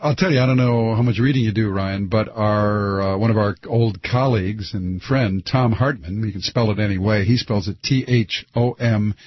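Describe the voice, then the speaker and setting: Male radio host, husky voice, dry studio sound, halting, stacks up fillers mid-thought. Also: fairly low pitch, no room sound, lo-fi sound. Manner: halting, many fillers and restarts. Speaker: radio talk show host. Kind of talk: casual radio talk.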